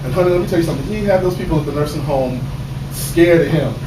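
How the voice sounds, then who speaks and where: A man telling a stand-up comedy story, animated, swinging from quiet asides to shouted punchlines, on a stage. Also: fairly high pitch, fast. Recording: roomy live stage sound from a distance, audible noise.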